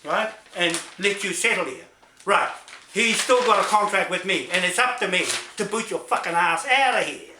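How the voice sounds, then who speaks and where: A man's voice: sits high, animated, moderate pace, roomy sound, background noise. A man delivering an angry, confrontational public statement, swearing and repeatedly asking "right?". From New Zealand. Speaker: land claimant making a public statement.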